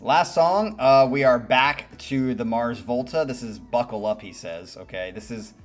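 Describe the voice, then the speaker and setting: A man's voice: medium pitch, unhurried. A man hosting a music reaction channel, giving candid, musing commentary and swearing casually.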